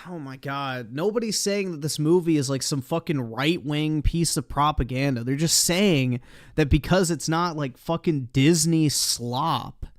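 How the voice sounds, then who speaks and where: A man's voice: a little high, a little slow, no room sound, studio quality. A man streaming live, reacting to a video with exasperated, profane commentary. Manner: exasperated, swears often.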